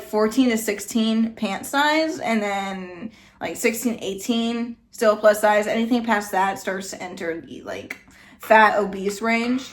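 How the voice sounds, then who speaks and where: A woman with a slightly high voice talks straight to her viewers in a loose, chatty reaction style. She is blunt and opinionated, with no polish or script. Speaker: reaction video host. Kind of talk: casual reaction commentary.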